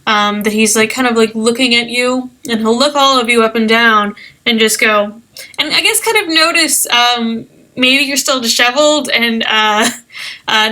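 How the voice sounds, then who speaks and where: A woman's voice: fairly high pitch, bright, forceful tone. A woman narrating as game master in a tabletop game, rambling with many fillers and laughs.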